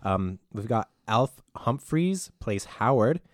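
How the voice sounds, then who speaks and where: A young man from Canada hosts a casual movie podcast, talking loose and joking and swearing now and then. His voice sits fairly low, and the sound is close and dry with no room around it. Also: lively intonation, slow, dry recording. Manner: loose, joking, swears, reads cast notes. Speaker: podcast host.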